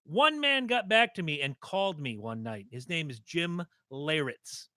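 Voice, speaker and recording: A male podcast host tells stories with animated energy. His voice is bright and a little higher than average, recorded close and dry. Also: measured pace, dry recording. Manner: animated, acts out quotes in loud voices. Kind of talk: casual podcast interview.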